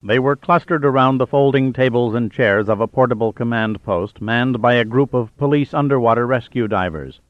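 A man narrates an adventure audiobook at a middle pitch, steady and even. The recording is dry and slightly dull in tone. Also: moderate pace, few pauses, dry recording. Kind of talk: scripted narration.

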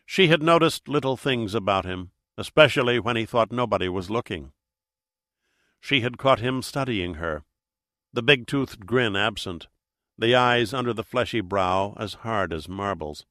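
A man reading an audiobook in steady, measured narration. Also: on the low side, dry recording, studio quality. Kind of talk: scripted narration.

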